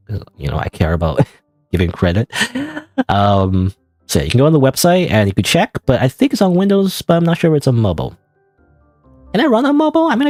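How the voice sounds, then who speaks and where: A man's voice: deep voice, a little mellow, no echo. A young man from Canada doing casual game commentary, rambling and self-mocking with frequent restarts. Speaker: gaming streamer.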